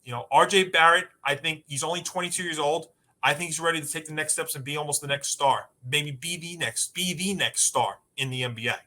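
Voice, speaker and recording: A man's voice: fairly high pitch, brisk, pushed and bright. A man co-hosting a sports talk podcast, arguing emphatically and rattling off long lists of teams.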